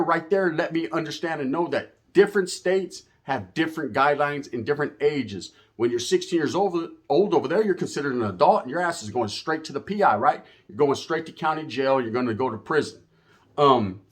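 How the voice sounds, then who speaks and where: A man from the US West Coast, hosting his channel and telling a story in a casual rant full of street slang and profanity, swinging between loud emphatic bursts and low asides. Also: lively intonation, a little fast. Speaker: channel host.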